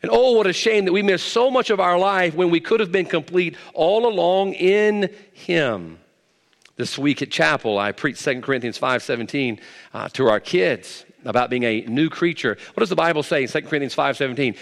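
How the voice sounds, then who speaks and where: Folksy preacher in a reverberant hall. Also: male voice, lively intonation, moderate pace, vocal fry, a bit bright. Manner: folksy and emphatic, swings from low asides to raised exhortation. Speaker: pastor. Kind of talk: sermon. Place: church sanctuary. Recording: long reverb of a large hall.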